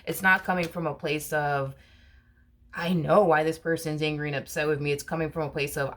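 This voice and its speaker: A woman with a low voice talks viewers through a tarot reading in a loose, rambling way. She circles back on her points and leans on fillers as she goes. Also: fairly even intonation, brisk. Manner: chatty, repetitive, many fillers like "you know" and "um". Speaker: tarot reader. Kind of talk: casual tarot reading monologue.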